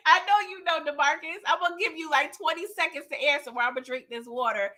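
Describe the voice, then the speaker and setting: A young adult woman hosting a casual live stream, animated and often laughing as she chats with viewers. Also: very high voice, unhurried, pauses often. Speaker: livestream host reviewing a TV episode.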